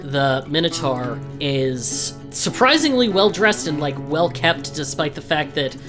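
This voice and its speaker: Deep-voiced woman game master. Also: sing-song, unhurried, music in the background. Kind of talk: narrating a tabletop game.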